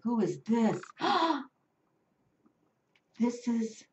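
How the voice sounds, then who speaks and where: A woman's voice: on the low side, fairly even intonation, unhurried, dark tone. A woman doing a tarot reading on video, talking casually and often adding "you know" and "okay?". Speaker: tarot reader. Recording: slightly distant, dull lo-fi sound.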